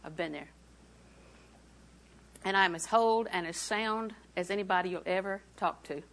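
A woman in her sixties preaching a sermon, repeating phrases for emphasis and moving between quiet asides and loud declarations. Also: medium pitch, moderate pace.

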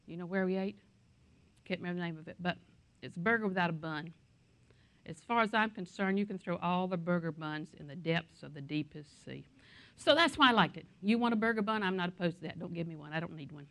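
A woman's voice: on the low side, a bit bright. A middle-aged woman pastor preaching a sermon in a conversational way, with asides and anecdotes.

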